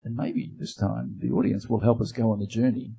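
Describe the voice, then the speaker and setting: A man's voice: medium pitch, steady tone, brisk, gravelly, dark tone. An Australian man in his sixties co-hosting a podcast live on stage in a bar, teasing dryly and walking through the format. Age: 60s. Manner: dry teasing, explains the format. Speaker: podcast co-host. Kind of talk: casual comedic banter.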